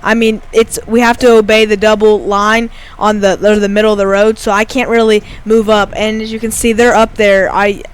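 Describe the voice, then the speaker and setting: Narrating over footage of his own race, this teen cyclist and vlogger rambles casually and leans heavily on "like." He speaks with a high, clear, resonant voice, little change in pitch, a moderate pace and few pauses.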